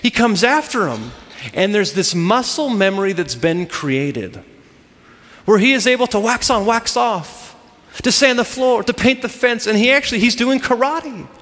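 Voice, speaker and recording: A man's voice: sits high, expressive, normal speed, a bit bright, big-room sound. A man preaching a sermon to a congregation, driving his points home with emphatic repeated phrases. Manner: emphatic, repetitive preaching cadence. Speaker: pastor.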